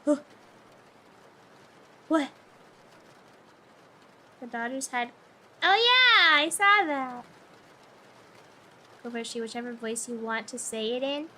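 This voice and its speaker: Bright high-voiced young woman streamer. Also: takes it slowly, pauses often. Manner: playful, flustered, laughs often. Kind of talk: casual chat with viewers.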